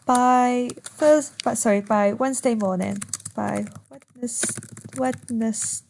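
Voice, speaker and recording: Woman, teacher, recorded online lesson, patient step-by-step explaining, medium pitch, keyboard clicks behind. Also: gravelly, darkish tone, a little hiss or hum. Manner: patient, explains step by step, stretches words to show stress.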